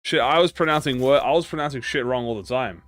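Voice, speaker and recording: Fast and fairly bright, this man's mid-range voice carries casual live-stream game commentary to his chat. As a streamer, he rambles, mocks himself and swears freely. There's no room sound, only faint music in the background.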